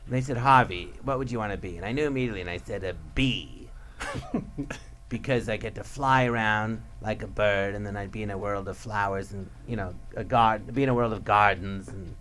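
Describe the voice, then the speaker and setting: A man, a comedian guest in a radio studio, telling stories in an animated way and acting out the people he quotes. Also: fairly low pitch, fairly quick. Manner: animated, laughing storyteller who acts out quotes. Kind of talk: radio interview storytelling.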